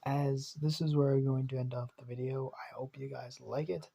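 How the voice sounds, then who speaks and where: A man's voice: medium pitch, flat delivery, slow, vocal fry, pauses often, dark tone. A man improvising a fan story, rambling along with strings of loosely joined clauses. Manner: rambling, repeats "as" and "just says".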